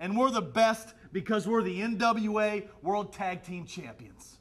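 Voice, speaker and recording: Brash shouting wrestler, very high voice. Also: male voice, a little slow. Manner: brash, loud and taunting, often shouting. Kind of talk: trash-talking promo.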